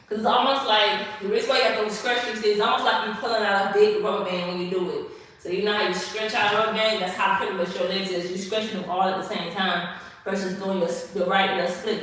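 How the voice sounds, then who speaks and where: A woman leads a casual stretching livestream, talking to her audience in a chatty, sassy way and slightly out of breath from the effort. Her mid-range voice is fairly bright but off-mic, far away in a very echoey room.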